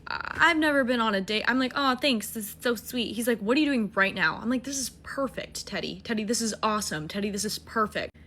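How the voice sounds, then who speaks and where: A woman in her twenties casually telling a dating story, animated, swearing and mocking herself. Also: on the high side, fast, hardly any pauses. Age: 20s.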